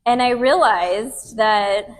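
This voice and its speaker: A woman's voice: fairly high pitch, slow pace. A woman in her thirties, a podcast host telling a candid personal story to a live group in a casual, frank way. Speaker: podcast host and retreat leader.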